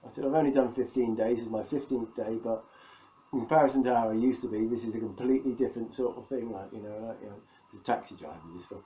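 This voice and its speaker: A man's voice: medium pitch, dark tone, slight background noise, poor audio. A middle-aged man from England, rambling and self-mocking in a casual video diary, laughing often. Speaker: vlogger.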